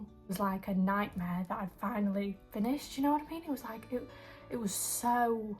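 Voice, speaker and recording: A woman's voice: mid-range voice, fairly even intonation, moderate pace, darkish tone, soft background music. A young woman, vlogging in a rambling, emotional, casual way with lots of fillers. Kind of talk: casual chat.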